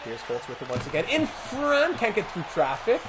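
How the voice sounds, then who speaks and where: A man's voice: sits high, huge pitch swings, normal speed, crowd noise, background noise. A man streaming a hockey video game, calling the action like a sportscaster and chatting with viewers between plays. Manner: mock sportscaster calls, asides to chat. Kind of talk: play-by-play commentary while gaming.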